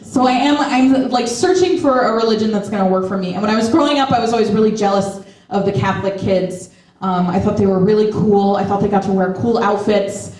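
A woman's voice: medium pitch, fairly quick. Chatty woman in her thirties doing stand-up. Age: 30s. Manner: chatty, self-deprecating, lively storytelling. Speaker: stand-up comedian and host. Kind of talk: stand-up set. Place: back room of a skate shop, live audience. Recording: echoey room, mic from far off.

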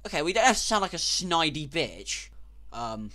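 A young man giving casual, sarcastic gameplay commentary, swearing and breaking into sudden loud outbursts. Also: on the high side, sing-song, moderate pace, faint music behind. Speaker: gaming YouTuber.

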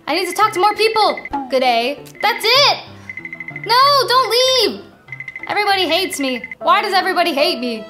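A young woman playing a video game, excitedly commenting and reading the game's lines aloud to her viewers. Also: extremely high pitch. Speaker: gaming video host. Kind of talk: playful gameplay commentary. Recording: game music playing behind voice. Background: game music.

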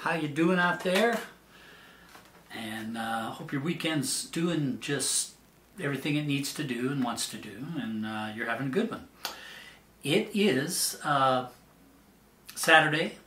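A man's voice: mid-range voice, echoey room. A man hosting a daily song show, chatting casually and folksily with many fillers before playing a song. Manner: slow, relaxed, folksy talk with fillers. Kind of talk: casual chat introducing a song.

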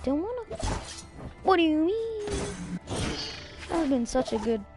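A woman streaming a video game at home, talking casually and excitably, trash-talking her opponent with frequent loud outbursts. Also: very high-pitched, a little slow. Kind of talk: casual live-stream commentary while gaming. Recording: background music over voice. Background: music playing.

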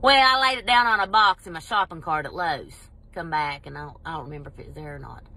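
Vlogger, middle-aged woman, low husky voice with a bright edge, animated storyteller. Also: quick pace. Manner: animated, exasperated, quotes people in voices. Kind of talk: casual storytelling vlog.

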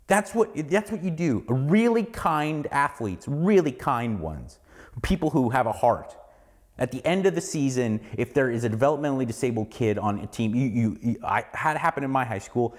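Heated, profane man ranting, lively pitch. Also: normal speed. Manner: heated, profane, repeats words when worked up. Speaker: podcast host. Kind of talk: ranting solo podcast monologue.

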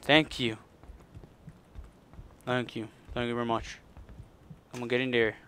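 A man's voice: medium pitch, level tone, unhurried, a bit bright, a little hiss or hum. A man commenting on his own gameplay, muttering and cursing at the game in frustration. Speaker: gaming channel host. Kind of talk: let's play commentary.

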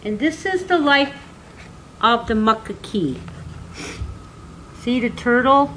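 Older lady teaching little kids, super slow, kinda high voice, faint hiss behind. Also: animated, poor audio. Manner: slow and gentle, repeats words for learners. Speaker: elder teacher. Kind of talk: slow children's lesson, counting and singing.

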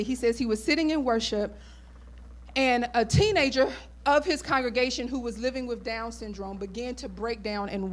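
A woman pastor preaching a sermon in a conversational style, with asides to the congregation. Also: on the high side.

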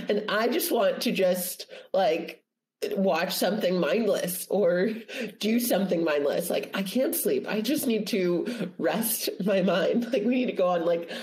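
A woman in her thirties, a mother of small kids, co-hosting a casual chat podcast in an animated, emphatic way with frequent laughter. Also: on the low side, rough recording. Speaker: podcast co-host, mother of two young kids.

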